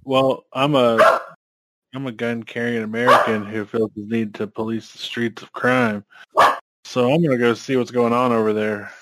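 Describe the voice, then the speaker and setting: A man's voice: medium pitch, steady tone, normal speed, noisy background. A man playing a character in a tabletop game, with dry, joking asides. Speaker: player. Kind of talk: tabletop role-play as a player.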